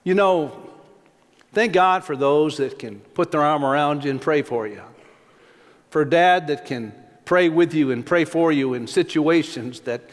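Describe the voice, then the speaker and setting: A man's voice: fairly high pitch, unhurried. A middle-aged male pastor preaching a sermon, telling stories in a folksy way and often repeating words as he restarts. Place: church sanctuary. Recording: long hall reverb.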